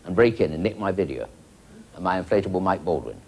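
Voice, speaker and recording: A man's voice: sits low, animated, fast, a little mellow, pitched below the performer's own voice. A man voicing a fussy old woman giving orders in a joke, in a raised voice. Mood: bossy.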